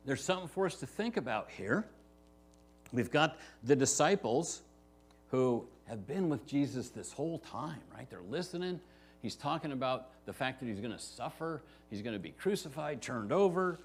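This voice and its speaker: A man's voice: medium pitch, sing-song, normal speed, slightly rough. A man preaching a verse-by-verse sermon as pastor, talking to the congregation in a conversational way and often asking "right?". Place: church sanctuary.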